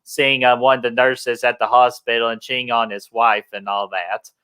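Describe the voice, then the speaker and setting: A man co-hosting a casual movie review, laid-back and relaxed, with plenty of ums and uhs. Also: mid-range voice, normal speed, smooth. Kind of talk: casual chat.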